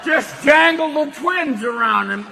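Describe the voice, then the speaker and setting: A man's voice: very high-pitched, animated, measured pace, creaky, voice pushed up, full character voice. A man impersonating a classic male film star with a folksy, stammering drawl. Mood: eager. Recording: noisy live stand-up venue.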